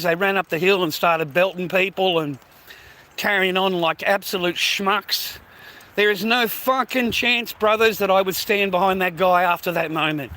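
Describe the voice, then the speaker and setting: A man's voice: sits high, pushed and bright. An Australian man ranting casually on a live stream, heavily profane and rambling, breaking into scornful laughs.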